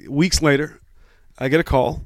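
A man's voice: fairly high pitch, fairly even intonation, moderate pace, dry recording. A man in his forties casually telling a long story about his start, rambling and self-deprecating with many restarts. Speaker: guest.

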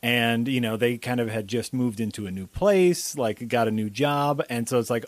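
A man's voice: medium pitch, normal speed, hardly any pauses, dry recording. Upbeat chatty man on a podcast. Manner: upbeat, laughs easily, chatty storyteller. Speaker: podcast co-host. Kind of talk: casual chat.

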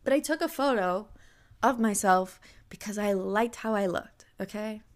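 A young woman hosting a podcast, telling a story in a casual, animated way with lots of "like" and incredulous asides. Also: mid-range voice, normal speed. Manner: animated, incredulous, heavy use of "like". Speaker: podcast host.

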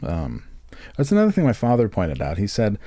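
A man's voice: lowish voice, wildly swooping pitch, brisk, warm tone, dry recording, studio quality. A man co-hosting a podcast, rambling crudely and jokingly in a casual comedic chat. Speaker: podcast co-host.

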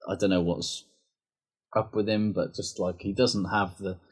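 Husky-voiced man in sweary rugby banter. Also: deep voice, fairly even intonation, measured pace. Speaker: podcast co-host. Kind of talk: casual chat.

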